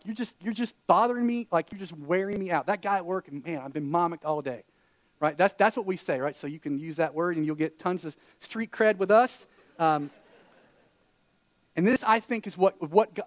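A man from eastern North Carolina with a local accent, preaching a sermon in a conversational way, with lively asides and acted-out quotes. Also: high voice, dry recording. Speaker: pastor.

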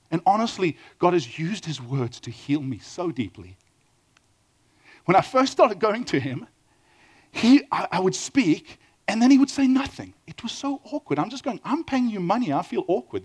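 A middle-aged man with a South African accent, preaching a sermon with lively storytelling and questions to the audience. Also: high-pitched. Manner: animated storytelling, asks the audience questions, acts out quoted dialogue. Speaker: pastor.

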